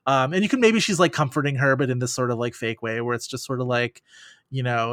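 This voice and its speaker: A man of middle pitch talks as a podcast guest, riffing in long, animated run-on thoughts full of "like"s. His voice sounds dry and close, with no room around it. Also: brisk, no room sound. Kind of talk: casual podcast chat.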